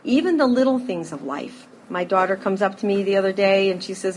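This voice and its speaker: Middle-aged woman, personal testimony, lively storyteller, acts out scenes, faint background noise. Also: medium pitch, a little fast, few pauses. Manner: lively storyteller who acts out scenes, with frequent fillers and laughs. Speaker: speaker sharing a recovery story.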